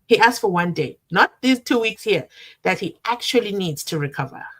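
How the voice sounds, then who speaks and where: A young woman with a South African accent hosts a casual live-stream from her desk at home. She reads viewer comments out loud and reacts to them with lively, animated chatter. Her voice sits at an ordinary middle pitch. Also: moderate pace. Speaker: commentary channel host.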